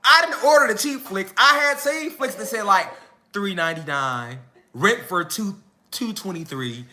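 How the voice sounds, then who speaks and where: A young man with a very high, bright, sharp voice tells a rowdy comic story in heavy slang. He drops into his relatives' voices as he goes, all in lively storytelling mode. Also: normal speed, reverberant. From Chicago. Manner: animated, slangy, acts out family members. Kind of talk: comedic storytelling.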